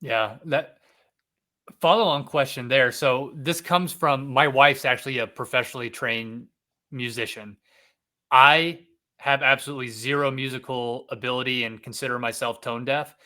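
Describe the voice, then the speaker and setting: Man, podcast host, bright tense voice, long winding questions, casual. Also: mid-range voice, fairly even intonation, normal speed. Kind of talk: casual interview chat.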